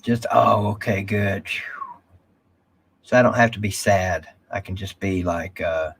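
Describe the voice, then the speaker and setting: Husky rambling live stream host. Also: male voice, low voice, measured pace. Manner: rambling, drawling, reads viewer comments aloud. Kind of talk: casual live stream chat.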